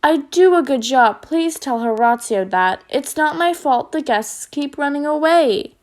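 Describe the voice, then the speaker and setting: Fretful lady mouse housekeeper, stammering and weepy, read by a woman, bright high voice. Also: lively intonation, measured pace. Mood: upset. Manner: sobbing, stammering.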